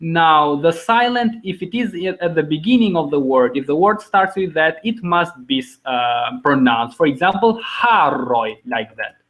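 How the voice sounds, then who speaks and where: A man's voice: a little high, lively intonation, moderate pace, fairly bright tone, rough recording. Patient man teaching a language class online. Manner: patient, encouraging, explains step by step.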